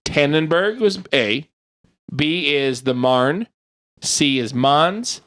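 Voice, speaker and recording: A man hosts a casual podcast and runs a trivia quiz. He reads each question slowly and with plenty of lift in his voice, cracking jokes between answers. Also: a little high, expressive, fairly bright tone. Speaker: podcast host and quizmaster.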